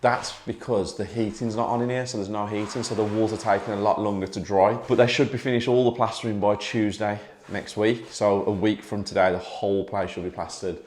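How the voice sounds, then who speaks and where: A British man chatting casually in a vlog, upbeat and joking, talking in quick bursts. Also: on the low side, steady tone, darkish tone. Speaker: property investor vlogger.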